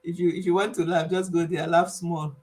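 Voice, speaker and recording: A woman's voice: fairly low pitch, level tone, brisk, a little mellow. A woman hosting a casual live stream, playful and often laughing as she imitates her viewers. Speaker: channel host closing a live stream.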